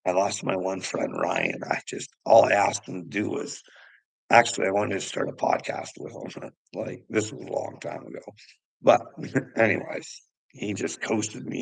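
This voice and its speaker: A man's voice: lowish voice, moderate pace, no room sound, rough recording. A man telling a personal story to camera in a rambling, profane way, often laughing as he goes. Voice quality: gravelly. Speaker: vlogger.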